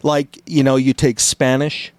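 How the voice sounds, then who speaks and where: A man with a mid-range voice talks in a relaxed podcast chat, animated as he demonstrates rising and falling tones. The recording is dry and close, with no room sound. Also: medium pitch, a little slow, no echo. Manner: animated, acts out tones and inflections while explaining. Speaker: podcast co-host. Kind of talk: casual chat.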